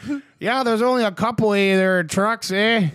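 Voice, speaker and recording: Guy putting on a goofy super polite leader voice, pitched up, sing-songy eh eh eh. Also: a bit bright. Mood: mock-polite. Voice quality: sing-song drawn-out "eh" at the end of lines. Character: mocking impression of an overly polite middle-aged man leader. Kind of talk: comedic impression in casual podcast chat.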